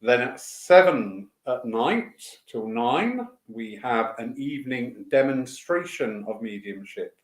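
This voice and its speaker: A man's voice: medium pitch, echoey room. A man who organizes church events, running through the day's programme in a chatty, enthusiastic way with fillers and asides. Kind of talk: casual spoken announcements. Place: church hall.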